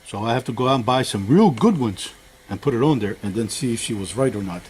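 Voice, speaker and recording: A man's voice: mid-range voice, animated, quick pace, darkish tone, a little hiss or hum. An older man chatting folksily to viewers as he works on an engine in his home workshop, rambling from one thought to the next. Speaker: home mechanic vlogger. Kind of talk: casual workshop vlog.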